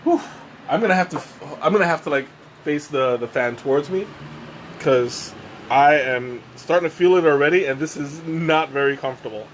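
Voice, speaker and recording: Winded, sweaty and still recovering from a choking fit, this livestream host talks through a laid-back tea tasting in a home room where a fan whirs. He rambles and pokes fun at himself in a higher-than-average male voice at ordinary speed, with slight background noise.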